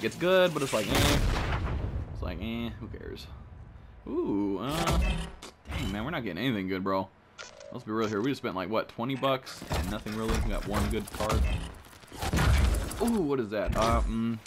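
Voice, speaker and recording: A young man giving casual commentary as he opens in-game supply drops, excitable and full of slang. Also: medium pitch, heavy background noise. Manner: excitable, slangy, thinks aloud. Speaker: gaming streamer.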